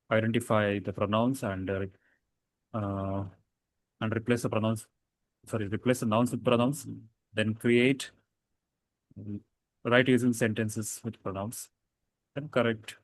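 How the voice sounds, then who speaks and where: A man's voice: fairly low pitch, dry recording. A man teaching a casual grammar lesson, explaining rules with fillers and self-corrections.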